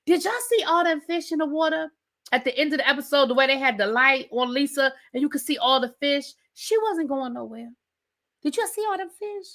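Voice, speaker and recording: A woman with a high, bright voice rants sassily through a reality TV recap. She talks straight to her viewers in a loose, conversational style. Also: fairly quick. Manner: sassy, conversational, addresses viewers as y'all. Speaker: TV recap host. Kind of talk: animated reality TV rant.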